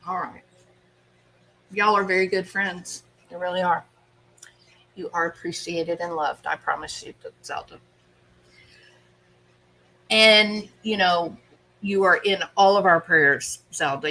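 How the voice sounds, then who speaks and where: A woman hosting a casual live stream, chatting with her viewers by name in an animated way and often laughing. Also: on the low side. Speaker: host.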